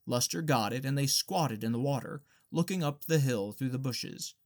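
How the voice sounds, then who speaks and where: A man reading a novel aloud as an audiobook narrator, in a plain, even storytelling manner. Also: medium pitch, moderate pace. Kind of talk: scripted narration.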